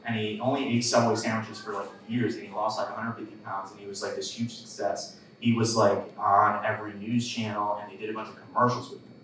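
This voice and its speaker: A man's voice: lowish voice, flat delivery, brisk, fairly bright tone, heavy reverb, far from the mic, a little hiss or hum, rough recording. Laid-back man telling stories on a comedy stage. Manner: casual storytelling with laughs and filler words. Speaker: stand-up comedian. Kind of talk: live stand-up comedy set.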